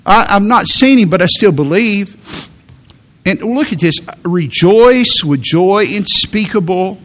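A man's voice: on the high side, fairly bright tone. A middle-aged male pastor preaching a sermon in an earnest, emphatic way, with sudden rises for emphasis.

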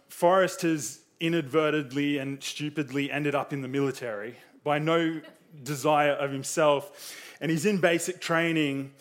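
A young man preaching a sermon in a casual, conversational way, full of fillers, acting out quotes with a raised voice. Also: fairly high pitch.

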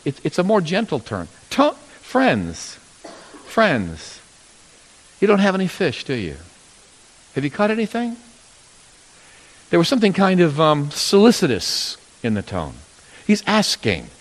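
A man preaching a sermon, telling a Bible story and acting out its characters in sudden loud bursts. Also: on the high side. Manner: storytelling, acting out voices of biblical figures with sudden loud rises. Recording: long hall reverb.

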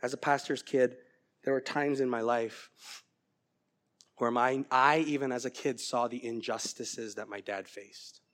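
A middle-aged man preaching a sermon as pastor, earnest and growing animated as he tells a story. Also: medium pitch, unhurried.

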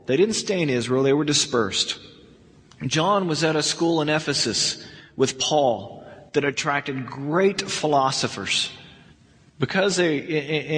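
A man's voice: fairly high pitch, fairly bright tone. A man teaching a verse-by-verse Bible study in a conversational, emphatic way, often restarting his sentences. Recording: long hall reverb.

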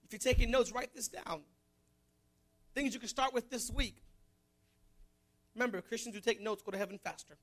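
Very high-voiced, bright preacher. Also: male voice, moderate pace, long pauses. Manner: joking asides that swing to loud exhortation. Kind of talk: sermon.

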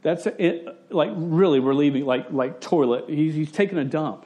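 Lively preacher, man. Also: a little high. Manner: conversational storytelling with quick voice shifts for quoted people; jokey and self-interrupting. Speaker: pastor. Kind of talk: sermon.

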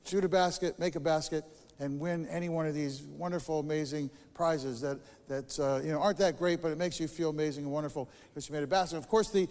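High-voiced pastor, animated storytelling. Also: male voice. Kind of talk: sermon with personal stories. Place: church. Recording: echoey church hall.

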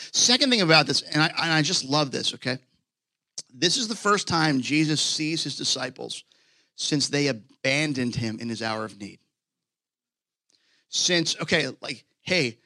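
A man preaching a sermon to a live congregation, animated and casual, swinging between excited bursts and hushed moments. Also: sits high, dry recording, studio quality. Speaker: pastor. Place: church hall, live congregation.

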